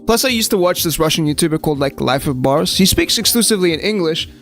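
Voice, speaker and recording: South african guy streaming a game, squeaky high voice, swears a lot, hypes up chat. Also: fast talker, soft background music. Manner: excitable, swears casually, chats to viewers. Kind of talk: live-stream gameplay commentary.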